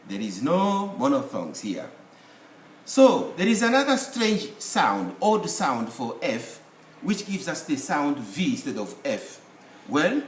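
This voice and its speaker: A man teaching English pronunciation, speaking slowly and deliberately and repeating each word for drill. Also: a little high. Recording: echoey room with faint ambient noise.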